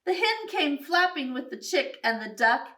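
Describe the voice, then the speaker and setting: A woman reading a picture book aloud for children in an animated, sing-song way, making animal sounds along the way. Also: high voice, normal speed, recorded from a distance. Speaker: children's storyteller.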